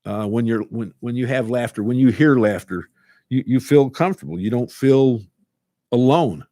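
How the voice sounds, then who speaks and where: A man's voice: mid-range voice, moderate pace, warm tone, no echo, clean studio sound. A man who teaches a laughter club, talking earnestly and casually and repeating words as he goes. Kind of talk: casual talk to camera.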